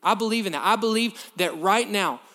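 A man preaching a sermon, emphatic, swinging from quiet to loud and checking in with "okay?". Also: high voice, moderate pace. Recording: long reverb of a large hall.

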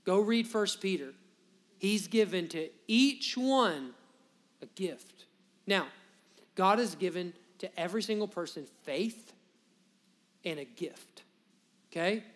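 Young pastor from Alabama, high-pitched male voice, loose storytelling sermon delivery. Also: lively intonation, takes it slowly, pauses often. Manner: casual storytelling preaching, rambling asides. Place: church sanctuary with a congregation.

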